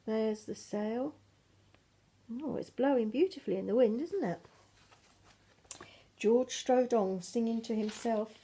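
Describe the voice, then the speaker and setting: An older woman reads a picture book aloud. She breaks off often for gentle, chatty asides to the children. Her voice is mellow and fairly high. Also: expressive, unhurried. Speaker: grandmother reading aloud.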